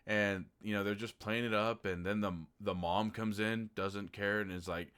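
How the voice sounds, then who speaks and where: A man from Oklahoma reviews a movie in a casual, sarcastic way, cursing freely and loudly acting out his own incredulous reactions. His lowish voice is clean and fairly bright, with fairly even intonation, a moderate pace, and hardly any pauses.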